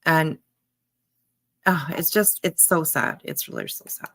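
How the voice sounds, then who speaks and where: A woman's voice: deep voice, huge pitch swings, a little slow, gravelly, fairly bright tone. A woman reacting to a clip on a live stream, blunt and emphatic, talking straight back at the person on screen. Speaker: commentary streamer.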